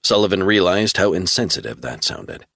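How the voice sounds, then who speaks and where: A man's voice: low voice, very animated, normal speed, gravelly, fairly bright tone, dry recording, studio quality. A man narrating a thriller audiobook in a dramatic storytelling read. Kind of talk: scripted narration.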